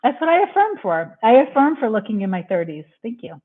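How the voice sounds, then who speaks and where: A woman's voice: a little high, sing-song, fairly quick. A woman coaching on a casual live-stream Q&A, talking in a rambling, effusive and heartfelt way. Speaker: manifestation coach. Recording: tinny phone-like audio.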